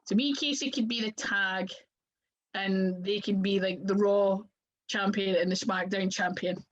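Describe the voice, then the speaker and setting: A woman's voice: mid-range voice, steady tone, a little slow. Chatty Scottish woman, muffled lo-fi audio. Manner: chatty, rambling with many "like" fillers. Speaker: guest wrestler. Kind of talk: casual interview chat.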